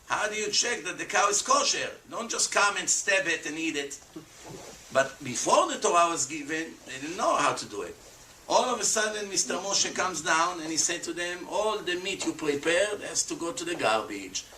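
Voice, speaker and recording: A man, giving an animated lecture to an audience as a rabbi and acting out the voices of skeptics. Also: high-pitched, moderate pace. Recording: echoey room, voice from far off, faint background noise.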